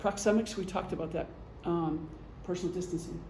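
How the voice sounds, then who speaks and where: Middle-aged woman presenter, warm dark tone, joking and chatty, recorded in an echoey room. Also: fairly low pitch, a little fast, slight background noise. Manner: chatty, joking, acts out gestures. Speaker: presenter, retired police officer and veteran. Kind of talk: casual lecture.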